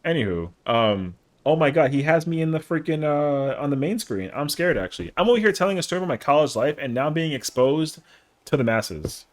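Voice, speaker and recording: A man's voice: on the high side, animated, brisk. A man in his thirties casually telling a rambling, slangy story on a live stream, acting out the quotes. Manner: slangy, rambling, lots of fillers, acts out the quotes.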